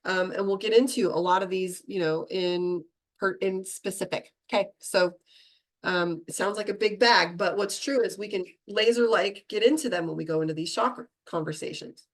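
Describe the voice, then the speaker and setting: Fast-talking woman teaching meditation. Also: mid-range voice. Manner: fast-talking, chatty, laughs at herself. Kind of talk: teaching a class.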